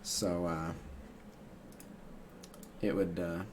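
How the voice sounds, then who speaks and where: A man's voice: fairly low pitch, normal speed, slight background noise. A young man streaming a mobile game, chatting casually with his viewers in a rambling way full of "like" and "uh" fillers. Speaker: streamer answering chat. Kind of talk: casual livestream chat about a mobile game.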